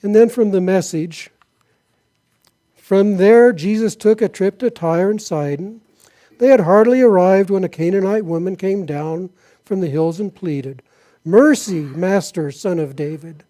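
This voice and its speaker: A pastor delivering a sermon, his voice pitched high for a man yet mellow and soft in tone. He reads Bible passages aloud and then turns to his listeners with questions. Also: unhurried. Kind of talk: sermon reading scripture.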